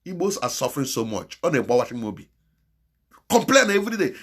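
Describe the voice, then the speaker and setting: A man's voice: sing-song, fast talker, husky. A man with a Nigerian Igbo accent delivering a moralizing monologue on his channel, mixing Igbo and English, impassioned and pleading by turns. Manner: impassioned and moralizing, swinging between loud exhortation and low pleading. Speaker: channel host.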